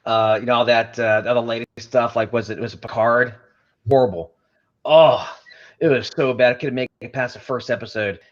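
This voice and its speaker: A man's voice: medium pitch, steady tone, moderate pace, highs cut off. A man co-hosting a casual podcast, goofy and rambling.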